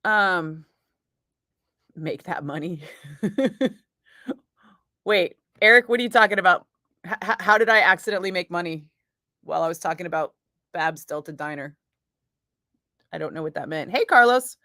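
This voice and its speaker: A woman's voice: fairly low pitch, a little slow, long pauses, bright, forceful tone, no room sound, studio quality. A woman radio host from Northern California chatting casually with her live chat, laughing often, swearing freely and rambling through asides. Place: radio studio.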